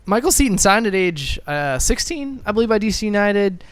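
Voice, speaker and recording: A man's voice: high-pitched, big pitch swings, a little fast, smooth. A man co-hosting a soccer podcast, hesitant with many fillers. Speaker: podcast co-host. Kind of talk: casual podcast chat.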